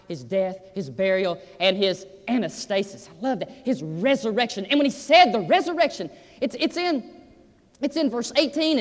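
A man delivers a sermon in a notably high voice, driving his points home with emphatic repetition. His words carry a long reverb, as if spoken in a large church hall. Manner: emphatic, repeats "I'm telling you". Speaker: preacher.

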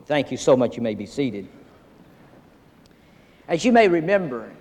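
A man's voice: mid-range voice, sing-song, measured pace, darkish tone. A man preaching a sermon in a folksy, earnest way, telling stories and reading scripture aloud in a seminary chapel. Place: seminary chapel, large hall. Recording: long hall reverb.

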